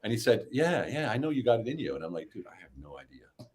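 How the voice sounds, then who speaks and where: A middle-aged man telling stories as a podcast guest, animated and climbing high in pitch when he acts out what people said. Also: quick pace. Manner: animated, rises high when acting out quotes. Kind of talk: casual storytelling.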